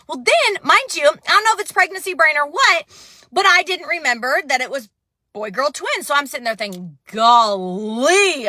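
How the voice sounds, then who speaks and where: A woman in her thirties telling a personal story in a casual, animated way, acting out the people she quotes. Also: sits high, a little slow, no echo. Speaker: vlogger.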